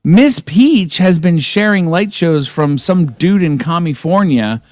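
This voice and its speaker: A man's voice: a little high, lively intonation, measured pace, a little mellow, no echo. A man joking and laughing on a livestream, swearing casually. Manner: joking, profane, laughs often. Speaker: livestream co-host. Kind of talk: casual chat.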